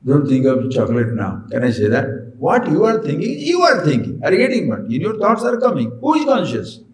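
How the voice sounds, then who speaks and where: Male spiritual teacher, slightly high voice, echoey room, animated questioning delivery. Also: brisk. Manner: animated, rhetorical questions to listeners. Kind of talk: spiritual discourse.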